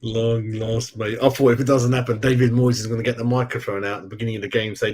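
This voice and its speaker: Man, fan channel host, casual live-stream chat, rambling, laughs a lot, mid pitch. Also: level tone, fast talker, few pauses, darkish tone. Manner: rambling, chatty, laughs often, calls viewers mate.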